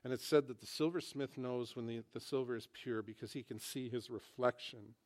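Brief: a mid-pitched man preaching in a church, casual and storytelling. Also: fairly quick. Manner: conversational, animated storytelling with humor. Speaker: pastor. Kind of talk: sermon.

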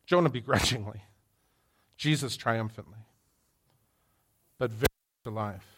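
A man preaching a sermon, moving from quiet reflection to loud, emphatic exhortation. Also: fairly low pitch, measured pace, breathy edge. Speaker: pastor.

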